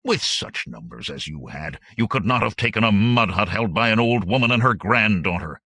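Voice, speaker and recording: A man voicing a hard, contemptuous army captain who speaks low and forcefully. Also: lively intonation, moderate pace, breathy edge, no room sound, exaggerated voice. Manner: growling, contemptuous. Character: hard veteran captain, middle-aged, stern and forceful.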